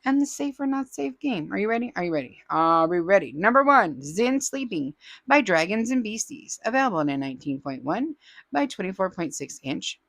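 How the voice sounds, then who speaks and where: A woman's voice: on the low side, gravelly, dry recording. A woman hosting a crafting channel, reading out viewer comments in a casual, playful way with teasing asides.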